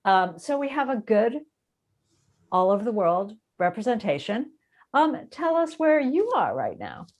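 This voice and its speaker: Lively chatty American woman host. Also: on the high side, unhurried. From United States. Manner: chatty, laughing, self-deprecating. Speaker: podcast host. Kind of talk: casual interview chat.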